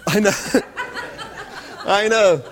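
A man's voice: high voice, extremely slow. A man preaching an informal Bible teaching in a conversational way, often repeating himself.

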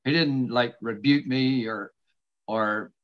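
A middle-aged man hosting a casual faith conversation, earnestly expounding scripture with slow, emphatic stresses from his home study. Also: mid-range voice. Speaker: host. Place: home study with books behind him. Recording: dull lo-fi sound.

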